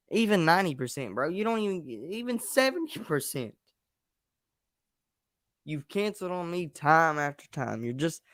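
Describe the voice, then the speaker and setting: A podcast host rants alone on a live stream from home at night, his partner asleep nearby, frustrated and blunt, repeating himself and swearing often. His voice is a little high, with clean studio sound and no room sound.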